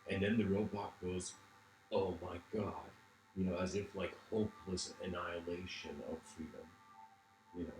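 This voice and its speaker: A man's voice: low-pitched, fairly even intonation, normal speed, echoey room, over music, low-quality recording. A man giving a reflective livestreamed lecture. He meanders, restarts often and says "you know" a lot.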